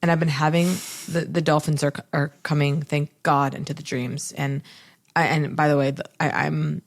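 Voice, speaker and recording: Brief: young woman co-host, lowish voice, lively storyteller, curses freely. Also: moderate pace, gravelly. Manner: animated storyteller, heavy swearing, acts out quotes. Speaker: podcast co-host. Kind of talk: casual chat.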